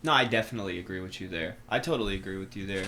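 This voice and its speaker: A young man on a podcast, telling stories in an animated, slangy way with lots of swearing. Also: low-pitched, rapid-fire, slight background noise. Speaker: podcast guest. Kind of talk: casual conversation.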